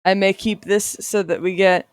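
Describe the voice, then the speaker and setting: An artist streamer, a woman, talks casually while she draws, full of playful sarcasm and frequent laughter. Her mid-range voice is clear and resonant, fairly even and moderately paced, with no room sound and clean studio quality.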